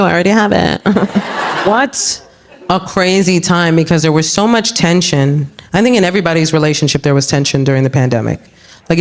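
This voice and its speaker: A woman comedian performing a stand-up set on a club stage, animated and jumping into exaggerated voices for the people she quotes. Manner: animated, acts out quoted voices with big pitch jumps. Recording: live club recording, audience laughter and room noise. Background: audience laughter.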